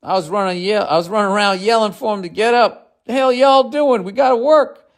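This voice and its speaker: A man's voice: high-pitched, fairly quick, pitched above the performer's own voice. A man voicing a folksy older Southern carpenter boss, with a Southern accent and a drawling storytelling manner.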